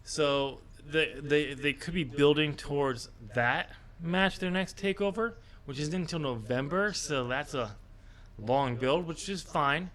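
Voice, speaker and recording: A man's voice: a little high, unhurried, fairly bright tone. A man co-hosting a casual wrestling predictions podcast, talking in a hesitant way with many fillers. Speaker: podcast co-host.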